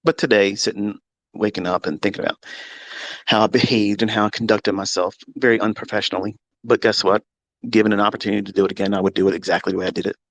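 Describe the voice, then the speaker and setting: A middle-aged man, a trading mentor, talking unfiltered in a live audio room from his home basement, blunt and heavily profane, at times breaking into heated yelling. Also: fairly low pitch, steady tone, fast, dry recording.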